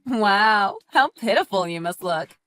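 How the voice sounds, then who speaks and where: A woman's voice: mid-range voice, expressive, measured pace, a bit bright, clean tone. A woman voicing a petty, taunting woman in a text-message story, speaking with a sing-song mockery. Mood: mocking. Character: snide gossiping woman, mocking and petty.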